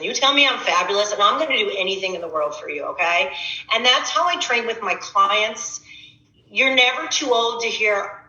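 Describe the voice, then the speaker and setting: A middle-aged woman coach talks through a workshop in a loose, conversational way, often stumbling and restarting her words. Her voice comes across bright and forward. The sound is roomy and a little muffled. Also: mid-range voice. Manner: conversational and repetitive, with frequent restarts and stammers. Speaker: fitness coach running a workshop. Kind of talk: casual motivational workshop talk.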